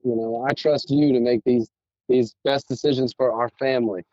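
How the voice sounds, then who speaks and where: A man's voice: mid-range voice, steady tone, moderate pace, dark tone, dry recording. Storytelling male podcast host, dull dry sound. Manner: storytelling, acts out quoted dialogue. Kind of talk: casual conversation.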